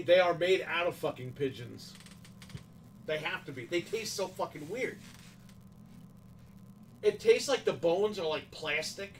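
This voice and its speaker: A man rants in casual livestream chat, swearing freely and hammering his complaints home. His voice sits somewhat high. He sounds a little set back from the microphone. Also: distant mic, slight background noise, poor audio. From New York, USA. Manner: profane, ranting, emphatic complaints. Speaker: livestream host.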